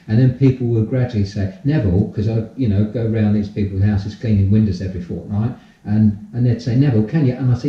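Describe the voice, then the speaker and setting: An older man, a podcast guest telling his life story in a casual, animated way and acting out the dialogue. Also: lowish voice, fast, hardly any pauses. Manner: animated storyteller, acts out dialogue, repeats phrases. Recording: distant, roomy, dull-sounding audio.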